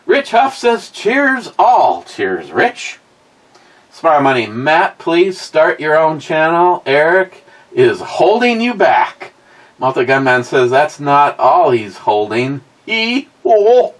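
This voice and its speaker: A man's voice: fairly high pitch, rough recording. A man, hosting a livestream in casual chat and reading out viewer comments in a rambling, blunt way with free swearing. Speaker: livestream host.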